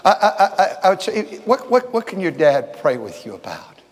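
Older guy preaching, folksy, stumbles over words, gets loud then drops low, high voice. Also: huge pitch swings, moderate pace. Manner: folksy, repeats words, swings from shouting to quiet. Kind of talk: sermon. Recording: long hall reverb.

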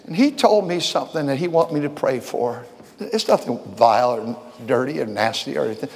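An older man preaching a folksy sermon, repeating words and swinging from shouts to quiet talk. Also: medium pitch, expressive, fairly quick. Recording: long hall reverb.

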